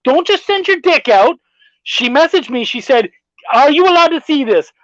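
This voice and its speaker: A man's voice: very high-pitched, lively intonation, normal speed, fairly bright tone, no echo. A laid-back man hosts a casual podcast chat, telling long stories with plenty of swearing. He reads viewer comments aloud. The recording is dry and a little dull. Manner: profane, storytelling, laid-back. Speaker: podcast host.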